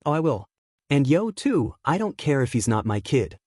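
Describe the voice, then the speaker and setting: A gruff, weary father who is also a hero, as a male narrator puts him on. He speaks slowly and tersely, in a dry, close sound with a middle-pitched voice. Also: sing-song, darkish tone, no echo.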